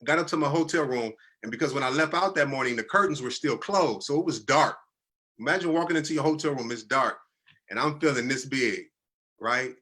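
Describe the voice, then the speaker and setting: A man's voice: medium pitch, a little fast, bright, forceful tone. A man in his thirties earnestly telling a personal story in casual conversation, growing teary-eyed as he speaks. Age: 30s. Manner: earnest, conversational, drops into quoted voices.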